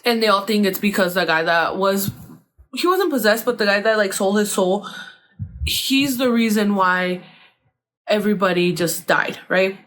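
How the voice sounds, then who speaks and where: A woman's voice: medium pitch, moderate pace, fairly bright tone. Woman host rambling through a story. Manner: rambling, filler-heavy retelling with casual swearing. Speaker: podcast host. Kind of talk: casual storytelling.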